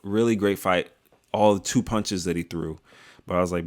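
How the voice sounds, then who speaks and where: A man's voice: low voice, fairly even intonation, moderate pace. A young man talking through fight reactions in a rambling, joking, slangy way. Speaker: video creator reviewing fights. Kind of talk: casual reaction commentary.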